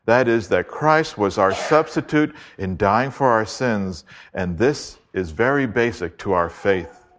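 A man with a fairly low voice preaching an expository sermon. He reads scripture aloud and leans hard on key words, slowing down and repeating phrases for emphasis. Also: expressive, fairly bright tone. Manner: emphatic, deliberate, slows to stress key words.

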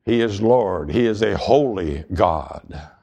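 A man preaching a sermon as pastor, reading scripture aloud in a measured way and slowing down on key words. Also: fairly low pitch, expressive, creaky, dark tone. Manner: reads scripture and quotes aloud.

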